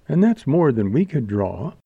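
A man's voice: mid-range voice, very animated, moderate pace, vocal fry, slightly rough, no room sound, phone-quality sound, exaggerated voice. A man voicing a languid, wisecracking young showgirl in an audiobook, with a drawling purr. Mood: teasing. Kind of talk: audiobook character voice.

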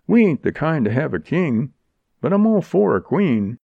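Man voicing an easygoing outlaw, drawling frontier talk, scornful, raised pitch, dull lo-fi. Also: sing-song, moderate pace, gravelly, no room sound, heavily acted. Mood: easy, scornful. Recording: dull lo-fi audiobook recording.

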